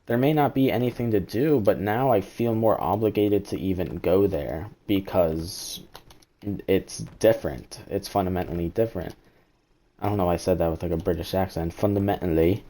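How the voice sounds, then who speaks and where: A man's voice: low-pitched, normal speed, mellow. A man streaming a game, rambling through his opinions in casual chat and swearing now and then. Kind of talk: casual live-stream commentary.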